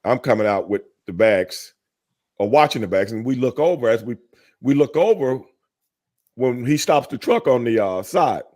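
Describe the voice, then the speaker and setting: An older man telling a story in casual chat, animated, acting out quotes and cursing freely. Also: mid-range voice, normal speed. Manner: animated, acts out quotes, curses freely, laughs. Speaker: storyteller guest, former wrestler.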